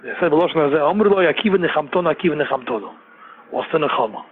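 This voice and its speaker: A man's voice: on the high side, lively intonation, very fast, slight background noise. A man giving a Torah sermon, repeating phrases and firing off rhetorical questions. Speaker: Torah teacher. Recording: narrow phone-like radio sound.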